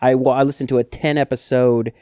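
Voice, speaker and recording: A man co-hosting a podcast in casual chat, telling stories with lively acted-out quotes. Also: medium pitch, fairly quick, smooth, no echo, clean studio sound. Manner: animated storyteller who acts out quotes. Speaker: podcast co-host.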